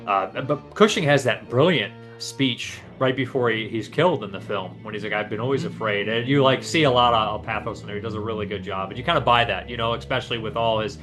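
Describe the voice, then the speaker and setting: A man's voice: medium pitch, fast, few pauses, fairly bright tone, soft background music. A man hosting a casual film discussion podcast, rambling with lots of restarts and fillers. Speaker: podcast host.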